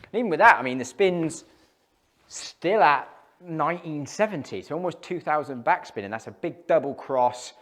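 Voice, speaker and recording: A man's voice: fairly high pitch, expressive, normal speed. Chatty man testing golf drivers. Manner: chatty, thinking aloud between shots. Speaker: golf club tester. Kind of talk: casual hitting commentary. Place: indoor golf studio.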